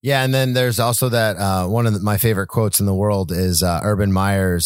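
A young man co-hosting a casual sports podcast, talking in a relaxed, rambling, agreeable way. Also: fairly low pitch, fairly quick, clean tone, dry recording, clean studio sound. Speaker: podcast co-host.

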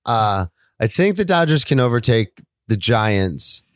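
A man co-hosting a casual sports podcast, jumping in with opinions and laughing at his partner's claims. His voice sits at an everyday middle pitch. The sound is dry and close, with no room echo. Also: sing-song, unhurried. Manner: laughing, interrupting banter. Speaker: co-host.

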